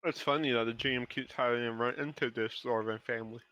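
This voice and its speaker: A male player in a tabletop game, chatting casually and tripping over the starts of his sentences. His voice sits at a mid pitch. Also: steady tone, quick pace, sharp tone, no echo, highs cut off.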